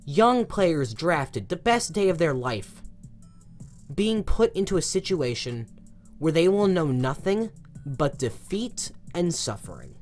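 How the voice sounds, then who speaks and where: A young man giving a passionate, exasperated opinion rant as a sports commentator, swinging between loud outbursts and low muttering. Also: very animated, takes it slowly, faint music behind.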